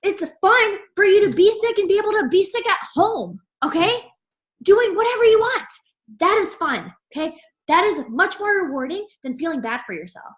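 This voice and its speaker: A woman's voice: very high-pitched, very animated, moderate pace. A young woman giving a fired-up motivational team talk, preachy and emphatic, peppering her lines with "like" and "right?".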